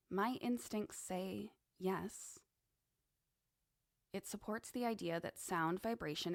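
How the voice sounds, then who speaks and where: Woman podcast host, low and slow, gravelly, dry close sound, musing monologue. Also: dry recording. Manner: slow, musing, conversational with asides. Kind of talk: casual monologue on esoteric topics.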